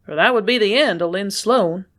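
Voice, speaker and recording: A woman's voice: medium pitch, moderate pace, a bit bright, close to an everyday voice. A woman reading an earnest young cowboy. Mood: pleading. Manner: earnest, pleading, rough-spoken. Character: young male horse rider, earnest and loyal. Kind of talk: audiobook character reading.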